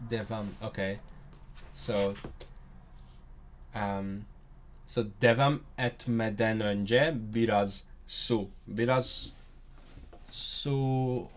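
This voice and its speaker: A young man with a voice on the low side and a fairly level delivery hosts a casual stream about learning languages. He keeps restarting what he's saying, reacts to chat, and tries out hesitant Turkish and Welsh phrases.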